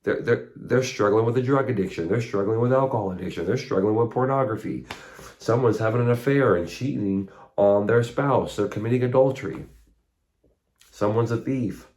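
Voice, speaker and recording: A man's voice: medium pitch, normal speed, darkish tone. A man giving an earnest, conversational faith talk, retelling stories with casual asides. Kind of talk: spoken faith monologue.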